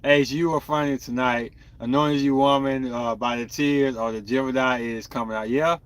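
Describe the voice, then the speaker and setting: In this casual live-stream chat, the young man hosting the podcast speaks to his viewers in a candid, loose, rambling manner. His voice sits in the mid-range with fairly even intonation and normal speed, clean in tone, on a dry recording.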